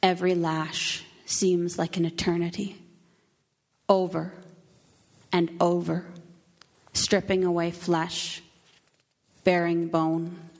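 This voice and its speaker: A woman telling an Easter story as a first-person onlooker, in a slow, solemn and emotive monologue. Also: lowish voice, little pitch movement. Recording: long reverb of a church hall.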